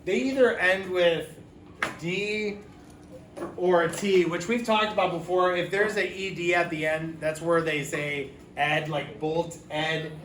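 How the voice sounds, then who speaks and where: A man's voice: high voice, steady tone, unhurried, a bit bright. A man teaching a phonics lesson, patiently sounding out letters for children. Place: classroom. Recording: echoey room, mic far off, background noise.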